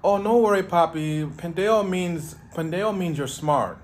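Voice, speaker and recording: A man's voice: high-pitched, normal speed, a little hiss or hum, lightly acted. A man voicing a sassy woman who teases in a sing-song way. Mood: teasing. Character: sassy Spanish-speaking woman, teasing.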